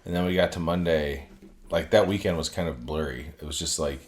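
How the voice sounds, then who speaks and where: A man co-hosting a podcast, joking around in easygoing chat over beers. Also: brisk. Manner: joking, easygoing, swings between low mumbles and loud laughing bursts. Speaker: podcast co-host.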